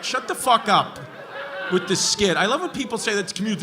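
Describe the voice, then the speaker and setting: A man doing loud, profane stand-up crowd work, roasting hecklers on a comedy club stage. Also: sits high, big pitch swings, moderate pace. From Brooklyn, New York. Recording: live club audience noise. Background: laughing club audience.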